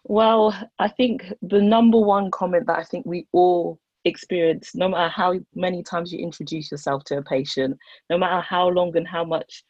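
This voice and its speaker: A young woman with a lowish voice, talking earnestly as she tells stories from her work as a doctor. The recording is dull and dry, with no room sound. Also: fairly even intonation, normal speed, darkish tone, dry recording. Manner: earnest, storytelling, reflective. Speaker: doctor, guest speaker. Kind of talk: casual discussion.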